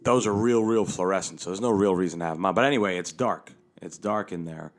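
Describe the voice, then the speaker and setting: Male comic hosting his own podcast: very low voice, loose and rambling, swears freely, talking into a handheld mic. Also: quick pace. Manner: rambling and profane, with frequent restarts. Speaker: comedian and podcast host. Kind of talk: casual comedic storytelling. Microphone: handheld microphone.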